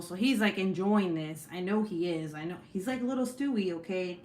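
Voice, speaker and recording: A young adult woman and mother, chatting casually while crafting at home, telling a story with lots of swearing and lively voice shifts. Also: lowish voice, moderate pace, hardly any pauses, echoey room, a little hiss or hum. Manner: profane, animated storytelling. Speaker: vlogger, mom.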